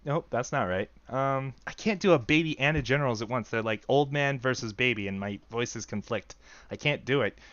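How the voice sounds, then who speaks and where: A man's voice: medium pitch, normal speed, fairly bright tone, dry recording, muffled recording. A man streaming a game, talking in a jokey, rambling way and laughing often. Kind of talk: casual game commentary. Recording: game music behind.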